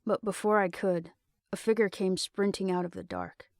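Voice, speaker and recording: Gravelly woman reading a novel. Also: mid-range voice, fairly even intonation, moderate pace, a little mellow, no room sound, clean studio sound. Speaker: audiobook narrator. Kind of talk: storybook narration.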